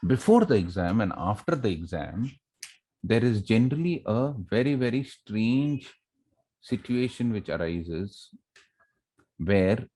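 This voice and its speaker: Low-voiced Indian man lecturing students. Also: very animated, a little slow, dark tone. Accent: Indian English. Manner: repeats key phrases and quizzes listeners with rhetorical questions. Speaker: college academic director giving exam advice.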